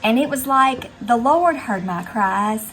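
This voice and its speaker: A woman's voice: a little high, takes it slowly, rough recording. Chatty Southern woman telling a story. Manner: chatty, animated storyteller addressing viewers as guys. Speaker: vlogger. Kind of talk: casual vlog storytelling. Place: her house, indoors and out.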